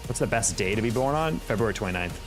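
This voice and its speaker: A young man with a fairly low voice talks casually to his chat while playing a game. He rambles through stories and answers, laughing easily. Faint music plays underneath. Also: animated, fast. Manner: chatty, storytelling, laughs often.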